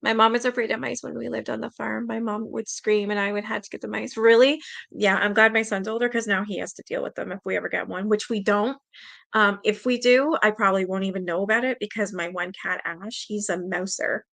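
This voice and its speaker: Gravelly bright-voiced Canadian woman livestreamer. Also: medium pitch, fairly even intonation, fairly quick. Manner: chatty, swears freely, laughs often. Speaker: livestream host. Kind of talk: reading aloud and chatting with live viewers.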